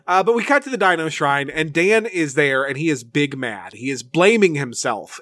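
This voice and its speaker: Male podcast host, fairly high voice, dry close sound, animated, sarcastic recap. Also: moderate pace, hardly any pauses, no room sound. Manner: animated, sarcastic, swears freely. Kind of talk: casual episode recap.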